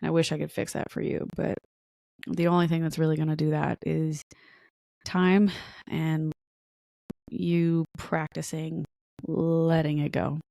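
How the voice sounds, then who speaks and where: A woman's voice: low-pitched, flat delivery, measured pace, gravelly, pauses often, mellow, no echo, studio quality. A young woman hosting a podcast alone, talking in a candid, rambling way with self-mocking laughs before turning encouraging. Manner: encouraging pep talk. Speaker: podcast host. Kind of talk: casual solo podcast monologue.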